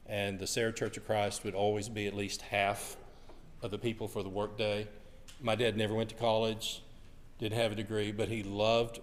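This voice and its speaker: A man sharing folksy family stories while co-teaching a church class. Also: fairly low pitch. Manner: folksy, anecdotal. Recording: reverberant hall.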